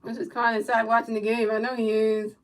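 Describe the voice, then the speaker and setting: Woman with a slightly high voice, livestream commentator, casual play-by-play, repetitive calls, frustrated rants. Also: level tone, a little fast, poor audio.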